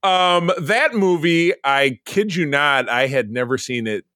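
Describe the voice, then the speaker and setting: Bright-voiced chatty podcast guy. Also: a little high, unhurried, no room sound, clean studio sound. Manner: rambling, chatty, lots of fillers and restarts. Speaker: podcast co-host. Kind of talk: casual chat.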